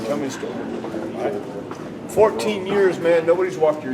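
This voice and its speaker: A man coaching a wrestling promo, blunt and profane, dropping to low mutters and rising to shouts. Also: moderate pace, noisy background. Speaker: wrestling trainer. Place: large indoor wrestling venue. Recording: distant mic in a reverberant hall with a crowd.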